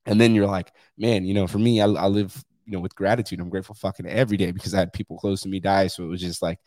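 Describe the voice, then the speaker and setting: Male podcast host, deep low voice, blunt and profane, dry close sound. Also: steady tone, fast talker, a little mellow, no echo. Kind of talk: candid solo podcast monologue.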